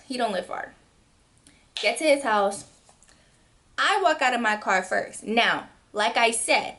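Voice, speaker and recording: Young woman in her 20s doing a storytime vlog, kinda high voice, super animated, jumps way up in pitch for quotes. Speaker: vlogger. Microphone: camera mic.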